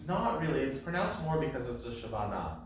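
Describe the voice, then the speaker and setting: A man's voice: medium pitch, big pitch swings, background noise. Man chanting lessons in an echoey room. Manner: patient, explains details, chants phrases slowly. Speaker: cantor teaching Torah chanting. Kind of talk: class teaching with sung examples. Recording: echoey distant room mic.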